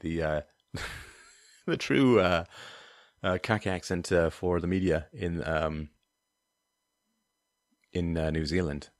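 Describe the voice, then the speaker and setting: Deep-voiced man hosting a live chat stream, digressive and wry, with dry close sound. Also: slow pace, pauses often, no room sound. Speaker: livestream host. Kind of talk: livestream chat and donation appeal.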